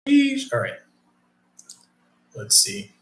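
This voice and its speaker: A man's voice: very high voice, wildly swooping pitch, very slow, a bit bright. A man casually chatting on a live stream, reading chat aloud, with profane, rambling talk. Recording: roomy echo.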